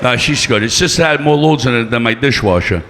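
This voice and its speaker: A man's voice: medium pitch, lively intonation, brisk, gravelly, fairly bright tone. A man doing stand-up, brash and profane, teasing the crowd. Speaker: stand-up comedian. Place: comedy club stage. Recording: long reverb of a club room.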